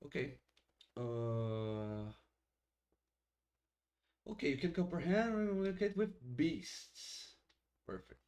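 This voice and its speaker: Slow, halting male game master. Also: a little high, a little mellow. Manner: halting, with frequent restarts and laughter. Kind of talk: narrating a tabletop game.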